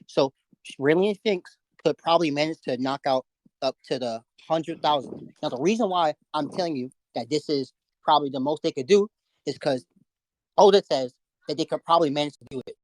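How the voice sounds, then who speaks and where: A man's voice: a little high, fairly quick, dry recording, low-quality recording. A young man arguing insistently in an online debate over a voice call, lecturing and repeating his points.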